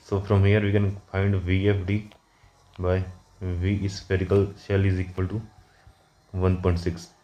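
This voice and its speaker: A man working through an engineering problem at a whiteboard, halting often with fillers and self-corrections. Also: sits low, completely flat delivery, warm tone, muffled recording. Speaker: engineering exam tutor.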